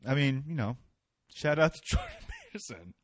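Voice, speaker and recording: A male podcast host with a mid-pitched voice, chatting casually, joking and swearing as he rambles between topics. The sound is close and dry. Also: very animated, normal speed, no room sound. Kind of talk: casual comedic chat.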